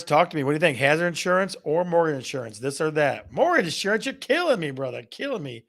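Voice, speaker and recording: A man's voice: fairly high pitch, very animated, fast talker, vocal fry, hardly any pauses, a bit bright. A man hosting a live real estate stream, playfully putting questions to viewers and reading out their answers. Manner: playful, repeats questions to the audience. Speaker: real estate show host.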